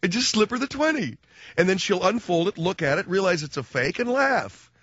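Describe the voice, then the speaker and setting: A male radio talk host rambles through a comic monologue, his pitch leaping up and down as he jokes and acts out little scenes. The sound is dry and close, a bit dull, as from an old studio broadcast. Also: very animated, a little fast, a bit bright, no echo.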